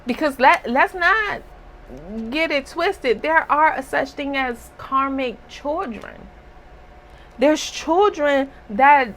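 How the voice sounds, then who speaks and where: A slightly hoarse woman giving a casual spiritual reading, emphatic and preachy, with rhetorical asides. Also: sits high, bright, forceful tone, rough recording. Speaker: spiritual reader.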